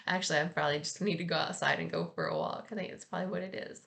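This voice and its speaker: A woman hosting a casual spiritual reflection in a relaxed, chatty way, gently encouraging her listeners and laughing at herself now and then. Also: lowish voice, racing, vocal fry, hardly any pauses. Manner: relaxed and chatty, with frequent fillers.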